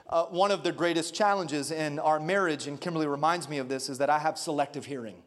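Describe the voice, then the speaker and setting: A male pastor preaching a lively sermon, calling on the congregation for responses. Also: a little high, quick pace, hardly any pauses. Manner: animated preaching with call-and-response. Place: church sanctuary. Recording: long church hall reverb.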